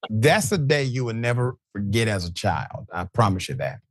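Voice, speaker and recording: A man's voice: fairly low pitch, animated, normal speed, dry recording, clean studio sound. A man hosting a live show, reading viewer comments and giving pointed, conversational commentary. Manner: pointed, conversational, addresses people directly.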